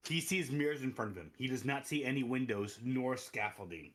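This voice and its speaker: A man's voice: medium pitch, lively intonation, brisk, fairly bright tone. A man running an online tabletop game as game master, narrating casually with frequent laughs and swearing.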